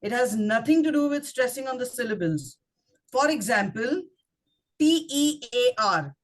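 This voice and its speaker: A woman's voice: on the high side, animated, measured pace. A woman with an Indian English accent giving a short language lesson at a speaking club, spelling words out letter by letter and quizzing her listeners. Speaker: grammarian at a speaking club meeting. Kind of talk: instructive club talk.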